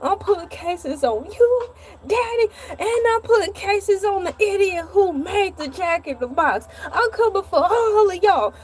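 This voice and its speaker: A woman's voice: very high-pitched, animated, a little slow, voice pushed up. A woman voicing herself as a terrified little girl, hollering and crying threats. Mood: wailing.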